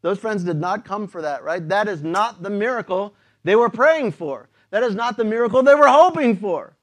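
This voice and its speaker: High-voiced man preaching casually. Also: expressive, moderate pace, hardly any pauses. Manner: conversational, slangy, repeats words. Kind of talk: casual sermon.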